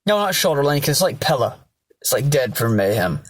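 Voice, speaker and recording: A man's voice: medium pitch, very animated, normal speed, breathy edge, dry recording. Rambling, swearing young man. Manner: rambling, swears, many fillers. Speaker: vlogger. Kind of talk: casual storytelling.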